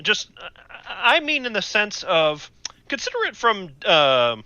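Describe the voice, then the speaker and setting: Lively man on a dull lo-fi mic. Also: sits high, measured pace, no echo. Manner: animated, explaining with fillers. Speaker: player.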